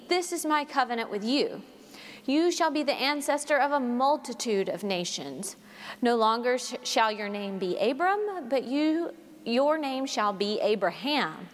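A woman preacher reading scripture and giving a sermon in a measured, expressive storytelling manner. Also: high-pitched. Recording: long reverb of a large hall.

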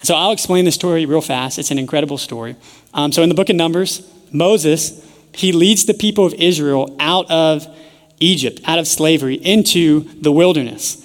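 A young man preaching a sermon in a casual, joking storytelling way with lively asides. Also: fairly high pitch, moderate pace. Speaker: pastor teaching a sermon series. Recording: echoey church hall.

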